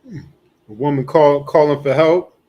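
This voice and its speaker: A man's voice: a little high, slow, highs cut off, a little hiss or hum. A man co-hosting a podcast, chiming in and agreeing repeatedly in casual chat. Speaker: co-host.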